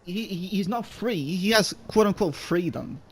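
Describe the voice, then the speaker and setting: A man's voice: high voice, expressive, a little slow, husky. Rambling gamer man. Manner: rambling, restarts often. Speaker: gaming YouTuber. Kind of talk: casual let's-play commentary.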